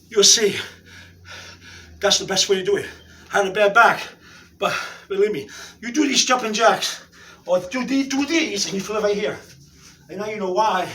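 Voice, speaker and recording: A man demonstrating an exercise while out of breath, giving halting, repetitive instructions and often checking in with "okay?" in an indoor room. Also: high voice, pushed and bright, recorded from a distance. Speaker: exercise video maker.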